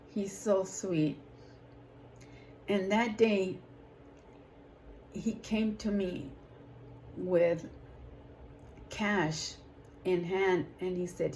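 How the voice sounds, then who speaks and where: A woman who leads a ministry, giving a personal testimony in a slow, emotional way that rises to emphatic outbursts. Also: lowish voice, steady tone, a little mellow, a little hiss or hum, poor audio. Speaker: ministry leader.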